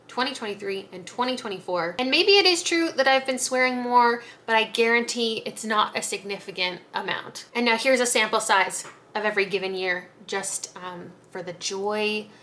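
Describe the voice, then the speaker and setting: A woman's voice: medium pitch, moderate pace, hardly any pauses, bright, forceful tone, a little hiss or hum. A young woman talking casually to camera as a book vlogger, frank and chatty, with light laughs and fillers.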